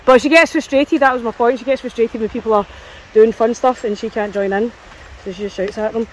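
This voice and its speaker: A woman's voice: fairly high pitch, steady tone, fairly quick, background noise. A Scottish woman chatting casually while walking dogs outdoors, often breaking off to talk to the dogs. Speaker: dog walker vlogger. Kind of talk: casual vlog chat. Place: outdoors on a country path.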